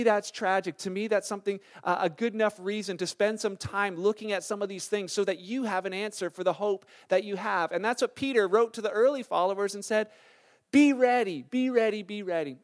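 Pastor guy, kinda high voice, a bit sore, chatty sermon with lots of "you know"s. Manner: conversational, storytelling with many fillers. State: slightly sore voice.

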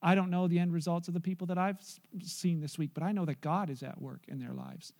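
A man preaching as a pastor, telling a story with animated swings from loud to hushed. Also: fairly high pitch, fast. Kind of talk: sermon with storytelling.

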